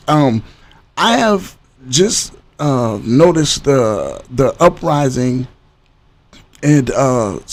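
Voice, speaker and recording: A man's voice: mid-range voice, slight background noise. A man hosting a livestream podcast, talking casually and loosely to his audience, repeating himself and hyping up viewers. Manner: loose and rambling, repeats words, hypes up the audience. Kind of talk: casual talk to a live stream audience.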